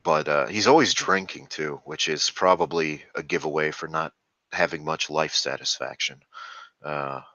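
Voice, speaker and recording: A man's voice: extremely low pitch, normal speed, sharp tone, dry recording, lo-fi sound. A man in rambling casual commentary, ranting with profanity and many fillers.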